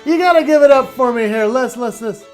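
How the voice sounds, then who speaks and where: Man, high-pitched, energetic, playful, laughs a lot, a bit breathless, speaking from home, faint music. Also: brisk. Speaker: motivational speaker and entertainer. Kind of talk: comedic virtual keynote.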